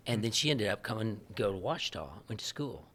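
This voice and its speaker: A man, a missionary guest telling lively stories in an interview and acting out the dialogue, often laughing. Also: fairly low pitch, a little fast. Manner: animated, laughing storyteller who acts out quoted dialogue. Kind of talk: storytelling in a podcast interview.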